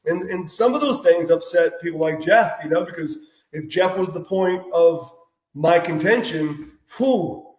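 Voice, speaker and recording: Animated man telling wrestling stories. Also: on the high side, measured pace. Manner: animated storyteller, says "brother", repeats words. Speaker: guest, former wrestler. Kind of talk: casual storytelling interview. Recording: dull lo-fi audio in an echoey room.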